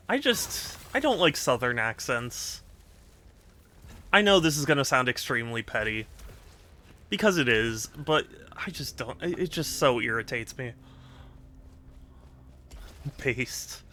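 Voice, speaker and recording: A man's voice: medium pitch, pushed and bright, a little hiss or hum. A man streaming a video game, chatting casually with his viewers, laughing often and restarting sentences as he goes. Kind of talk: casual live-stream chat while gaming.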